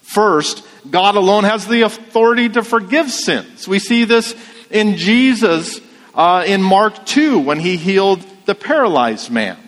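A man preaching a sermon in a measured, emphatic way, asking rhetorical questions. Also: high voice, animated, a bit bright, in a large hall. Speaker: pastor.

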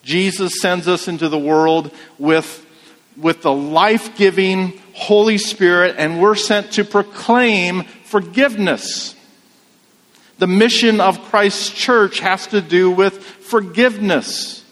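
Slow-preaching man in a reverberant hall. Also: sits high, a bit bright. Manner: measured, emphatic, rhetorical questions. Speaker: pastor. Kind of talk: sermon.

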